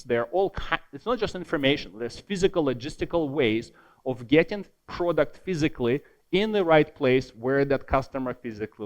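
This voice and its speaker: Animated man giving an academic keynote. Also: fairly high pitch. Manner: lively, self-deprecating asides, emphatic repetition. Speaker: keynote speaker.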